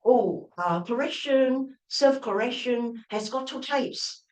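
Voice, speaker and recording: A woman's voice: on the high side, slow, a little mellow, recorded from a distance. A middle-aged woman giving an open-day lecture, restarting phrases and checking in with her listeners. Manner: frequent restarts, checks in with "right?" and "all right?". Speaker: university professor giving a lecture. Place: lecture room. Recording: echoey lecture room.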